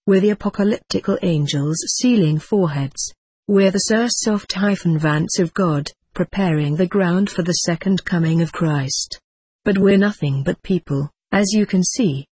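A text-to-speech voice reading the lines of a calm female extraterrestrial teacher in an audiobook, with a flat, even synthetic delivery. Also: mid-range voice, a little slow, breathy edge, no echo.

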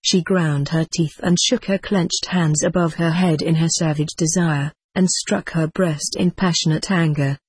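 An audiobook narrator reading a first-person historical tale in a measured, even way. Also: mid-range voice, breathy edge, no echo. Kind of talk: scripted narration.

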